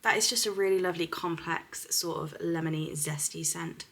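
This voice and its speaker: A young woman from the UK, a beauty vlogger, chatting casually to camera about perfumes, giggly and dropping into soft whispers. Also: fairly low pitch, normal speed. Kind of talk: casual fragrance review to camera.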